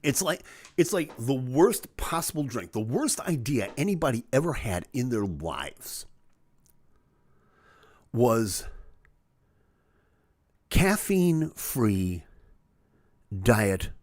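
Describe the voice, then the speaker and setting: Man hosting a live stream: jokey, animated, with a dry, close sound. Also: medium pitch, slow pace, pauses often, no room sound. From Chicago. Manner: animated, jokey, acts out voices. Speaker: host of a live show. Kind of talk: casual live-stream chat.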